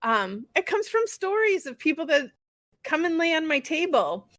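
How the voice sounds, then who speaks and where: A woman co-hosting a podcast, speaking in a relaxed, reflective and earnest way. Her voice sits a little high and is recorded close and dry, with no room sound. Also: normal speed, no room sound. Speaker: podcast co-host and bodyworker. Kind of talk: casual chat.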